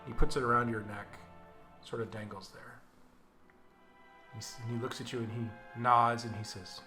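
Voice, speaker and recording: A man running a tabletop game as game master, laying out scenes in a relaxed, descriptive way. His voice is mid-height, and faint music plays underneath. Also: medium pitch, unhurried, pauses often.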